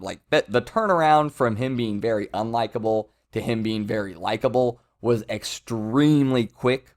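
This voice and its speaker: Man, lowish voice, casual manga review, rambling, amused asides. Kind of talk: casual commentary.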